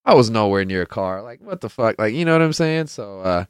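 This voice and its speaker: A man's voice: lowish voice, expressive, brisk, smooth, no echo, studio quality. A man hosting his own podcast, telling a casual, rambling, profane story that is full of laughs and acted-out quotes. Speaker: podcast host.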